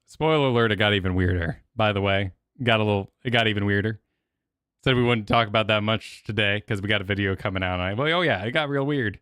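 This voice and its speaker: A man's voice: fairly low pitch, fast talker, smooth, no room sound, studio quality. A young man chatting casually as he reacts on stream, talking in rambling bursts with lots of restarts. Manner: rambling, animated, full of restarts and filler. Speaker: streamer reacting to event videos.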